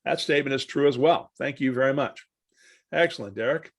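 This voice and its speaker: A male instructor teaching a live online class at a middle pitch. He talks in a loose, chatty way, narrating every click and tossing questions to his students. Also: fairly quick. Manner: chatty, asks the class questions, walks through steps aloud. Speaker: software trainer. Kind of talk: live online training session.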